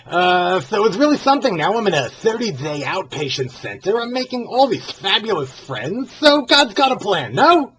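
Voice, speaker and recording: A man's voice: sits high, big pitch swings, normal speed, few pauses, a bit bright, a little hiss or hum. A man voicing a brassy, gossipy older Jewish woman who hosts a comedy show, talking in a flamboyant, theatrical way. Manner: flamboyant, theatrical, keeps gushing "fabulous". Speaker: host of a comedy show segment. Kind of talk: comedic character monologue.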